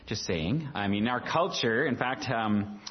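A man's voice: mid-range voice, lively intonation, a little slow, highs cut off. A man preaching a sermon in a conversational way, full of rhetorical questions and filler words. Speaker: pastor.

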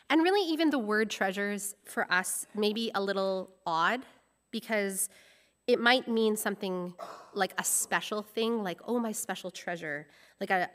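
A woman's voice: fairly high pitch, a bit bright. A woman preaching a sermon, explaining scripture in a teaching tone and going into word meanings with enthusiasm.

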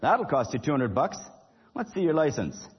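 A man voicing a stern male traffic cop who chides slowly. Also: on the high side, very animated, slightly rough, lo-fi sound, full character voice. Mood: chiding. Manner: slow, chiding.

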